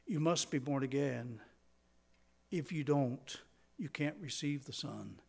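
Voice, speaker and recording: An older man preaching a sermon, slowing for emphasis and dropping to a whisper at key points. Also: mid-range voice, creaky, breathy edge. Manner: dramatic preaching, slows for emphasis, drops to a whisper.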